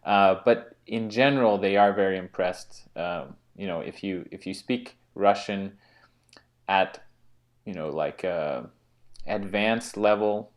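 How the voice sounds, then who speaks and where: A man co-hosting a casual chat, often pausing and restarting his sentences. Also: deep voice. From United States. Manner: halting, with frequent restarts and fillers. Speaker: co-host.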